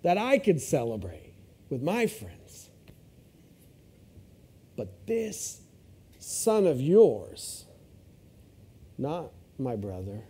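A man voicing a resentful older brother who complains in a low, sullen tone. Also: dark tone, breathy edge, exaggerated voice.

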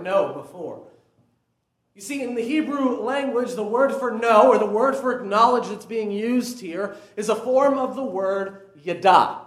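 A man's voice: sits high, echoey room. A young man preaching a conversational sermon that builds to emphatic peaks. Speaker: pastor.

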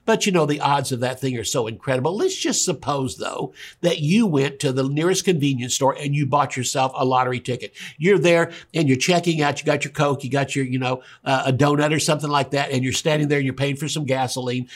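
A man's voice: fairly high pitch, fairly quick. A man preaching a sermon, telling a story and acting out the voices of the people in it. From Oklahoma, US. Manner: storytelling preacher, acts out dialogue. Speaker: pastor.

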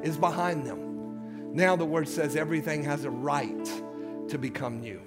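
High-pitched guy preaching in church, fired up call and response, music playing under him. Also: a little slow. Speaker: pastor. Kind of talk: sermon. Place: church sanctuary.

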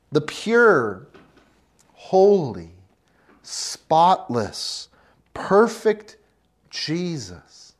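With a voice pitched in the middle range, this preacher speaks to the congregation as friends, his fervent sermon shifting from quiet closeness to emphatic volume.

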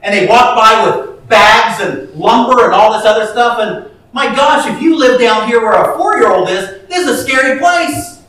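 A man's voice: extremely high pitch, moderate pace, sharp tone. A man preaching a sermon, telling a story with many restarts and rising to emphatic peaks. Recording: echoey hall from far off.

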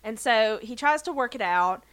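A woman's voice: fairly high pitch, expressive, normal speed, a bit bright, smooth, dry recording. A woman co-hosting a podcast, casually recapping a TV episode and playfully quoting the characters as she laughs along. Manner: chatty storyteller, quotes characters in playful voices, laughs often. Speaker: podcast co-host.

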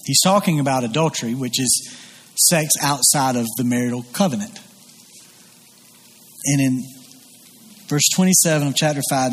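A man's voice: medium pitch, slightly rough, long reverb tail. A man preaching a sermon as pastor, earnest and emphatic, often restarting his sentences.

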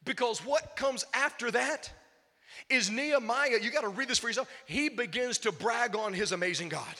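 A man preaching a sermon as pastor, emphatic, swinging from shouts to hushed intensity. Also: very high-pitched, moderate pace, long reverb tail.

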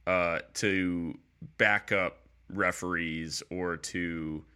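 A man co-hosting a casual sports chat, laying out his view in a measured way. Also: low voice, fairly even intonation, sharp tone, clean tone. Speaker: podcast co-host.

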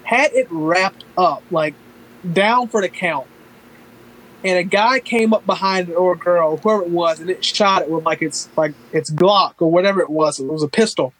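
A man's voice: high-pitched, normal speed, fairly bright tone, poor audio. A man from Northeast Florida in casual chat, emphatic and full of fillers.

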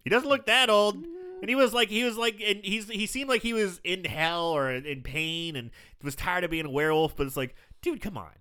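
A man casually recapping a film on a podcast, acting out scenes with quick impressions, swearing and laughing as he goes. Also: high-pitched, clear, resonant tone. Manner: animated storyteller, acts out scenes, swears, laughs often. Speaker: podcast co-host. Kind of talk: casual movie recap chat.

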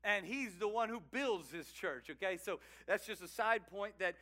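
A male pastor preaching with an animated, emphatic delivery and quick laughing asides. His voice sits high for a man and rings bright and forceful. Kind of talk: sermon.

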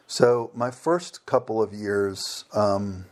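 A middle-aged man, a former missionary, telling stories in an interview in a lively way and acting out the people he quotes. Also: lowish voice, slow. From United States. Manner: animated, acts out quoted voices. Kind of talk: conversational interview storytelling.

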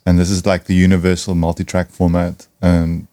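Laid-back man, very deep voice. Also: monotone, fairly quick, mellow, dry recording. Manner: laid-back, says "dude" a lot. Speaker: podcast host. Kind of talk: casual chat. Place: studio.

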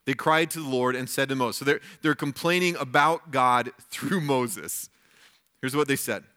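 A man pastor giving a weekend sermon, reading scripture aloud and explaining it in a conversational way with lively asides. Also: mid-range voice, normal speed. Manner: conversational, with frequent restarts and acted asides.

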